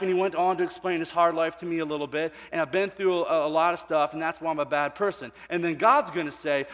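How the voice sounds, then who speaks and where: Man, pastor, lively storytelling sermon, voices people in his stories, high voice, long echoing hall. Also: quick pace. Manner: animated storyteller, voicing people in his anecdotes, swinging from quiet to shouting. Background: congregation.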